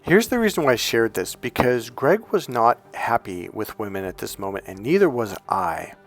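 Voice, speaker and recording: A man spins a rough personal story in loose, swearing speech. His voice sits at an ordinary middle pitch, and he jumps into other people's voices as he quotes them. Faint music plays behind him. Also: normal speed. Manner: profane, animated, quoting others in voices. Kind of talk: casual storytelling monologue.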